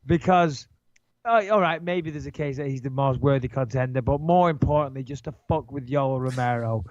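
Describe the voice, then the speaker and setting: A man's voice: medium pitch, normal speed, no room sound, lo-fi sound. A man in his thirties from just outside Manchester, with a nasal Manchester accent, talking brashly and profanely on a casual podcast. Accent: Manchester English. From England. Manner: brash and profane, with lively impressions. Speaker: podcast host.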